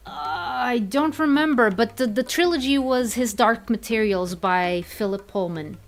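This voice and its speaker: Slow, laughing young woman streamer. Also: fairly high pitch, faint music behind. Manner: rambling, laughs often, repeats herself. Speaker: VTuber streamer. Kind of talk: casual chat.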